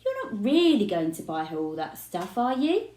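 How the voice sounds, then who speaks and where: A fed-up young boy blurts out indignant lines, as a woman reading a storybook voices him. The voice climbs and dips a lot and sounds soft and mellow, with the echo of a roomy space around it. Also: mid-range voice, huge pitch swings, moderate pace. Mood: defiant. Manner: loud, indignant outbursts. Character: angry fed-up twelve-year-old boy.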